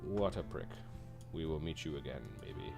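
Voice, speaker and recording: A man's voice: rumbling low, animated, normal speed, darkish tone, faint music behind. A man playing a video game and adding casual, wry remarks. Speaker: game player. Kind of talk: let's play commentary.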